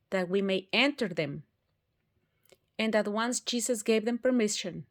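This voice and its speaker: A woman reading scripture aloud, carefully and with occasional restarts. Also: mid-range voice. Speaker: Bible reader.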